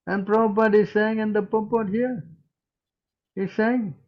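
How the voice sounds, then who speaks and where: A man teaching in a question-and-answer session, forceful and scolding, who keeps asking "huh?" and "hello?". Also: high-pitched, steady tone, normal speed, lo-fi sound.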